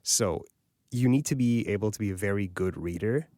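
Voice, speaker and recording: A man's voice: fairly low pitch, moderate pace, darkish tone, no room sound, clean studio sound. A man co-hosting a podcast discussion about audiobooks, chatty and self-deprecating. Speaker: podcast co-host. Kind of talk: casual panel discussion.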